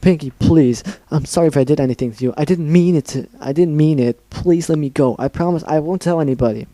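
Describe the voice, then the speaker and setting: A man voicing a terrified young female pegasus pony, pleading desperately and rushing her words. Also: fairly high pitch, mellow, no echo, close to an everyday voice.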